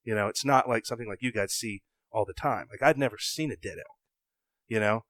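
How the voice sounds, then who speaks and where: A young adult man from the American South with a Southern accent, telling a story in an animated, casual way, acting out his own thoughts and often interrupting himself. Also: on the low side, fairly quick, no room sound. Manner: excitable, self-interrupting, acts out his own inner voice.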